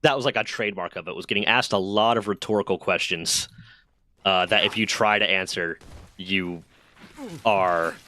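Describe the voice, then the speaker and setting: A man's voice: sits low, steady tone, normal speed, sharp tone. A man streaming a game while telling a rambling, profane story in a casual way. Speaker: gaming streamer.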